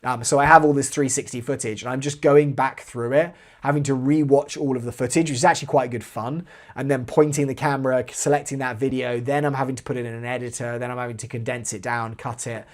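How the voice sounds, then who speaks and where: A man from southwest London with a southern English accent softened by American inflection, hosting a casual live-stream Q&A and reading chat aloud in a chatty, rambling way that trails off quietly. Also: mid-range voice, steady tone, fast talker. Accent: southern English with slight American inflection. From southwest London, England.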